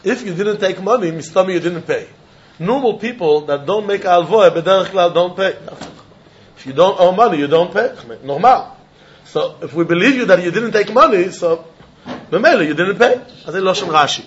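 A man delivers a Talmud lesson in a high voice, switching between English and Yiddish and Hebrew terms. He acts out both sides of a case in quoted voices. The recording sounds dull and lo-fi. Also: lively intonation, fairly quick, a little hiss or hum. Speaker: Talmud teacher. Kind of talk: Talmudic lecture.

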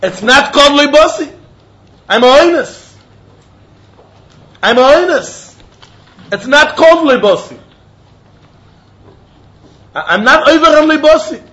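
A man acting out a desperate man yelling and pleading from across a river. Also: extremely high pitch, very animated, measured pace, hardly any pauses, pitched above the performer's own voice, full character voice. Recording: dull lo-fi recording.

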